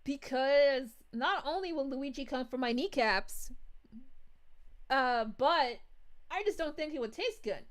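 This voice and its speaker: A woman voicing a bubbly, giggly young princess while reading chat live in character, with drawn-out "ooh"s. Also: high voice, lively intonation. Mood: cheerful. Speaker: VTuber streamer.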